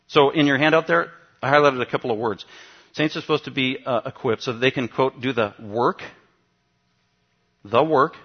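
Emphatic pastor teaching a sermon. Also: male voice, medium pitch, fairly quick, slightly rough, muffled recording. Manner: emphatic, asks the congregation questions.

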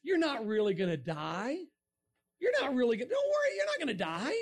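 Smooth-talking tempter devil, wheedling and high-voiced, put on by a male preacher. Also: huge pitch swings, fairly quick, full character voice. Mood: coaxing.

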